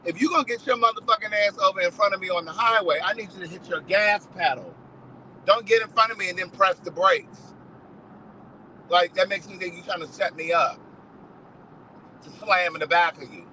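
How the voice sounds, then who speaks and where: A man hosting a casual live stream, telling stories in an animated way and swearing freely. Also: high-pitched, brisk, long pauses, a little hiss or hum, low-quality recording. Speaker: host.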